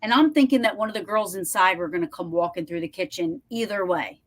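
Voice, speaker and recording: A woman hosting a podcast over a video call, telling a story in animated, breathless bursts with lots of restarts and some swearing. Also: fairly low pitch, fairly quick. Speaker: podcast host. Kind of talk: casual storytelling chat.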